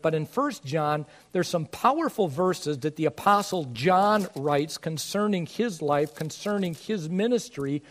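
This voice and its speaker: A pastor preaching a sermon, reading scripture aloud and explaining it verse by verse, building to fervent emphasis with rhetorical questions. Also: male voice, fairly high pitch.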